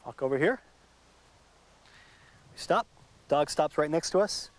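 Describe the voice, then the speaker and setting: A man's voice: a little high, animated, measured pace. A middle-aged man working as a dog trainer, explaining steps patiently and repeating words for emphasis in an instructional demonstration outdoors.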